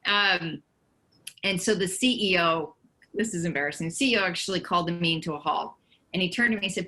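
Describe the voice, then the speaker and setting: A woman on a panel telling career stories in a lively way, laughing now and then. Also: fairly low pitch, fairly quick, low-quality recording. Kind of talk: casual panel storytelling.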